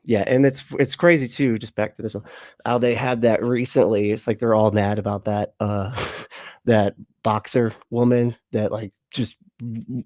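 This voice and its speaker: A man in mid pitch chats loosely on a livestream, rambling from one thought to the next and swearing freely. He laughs often and reads out viewer comments. The sound is dry and close, with no room around it. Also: a little mellow, no room sound. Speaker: livestream host. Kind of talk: casual livestream chat with viewers.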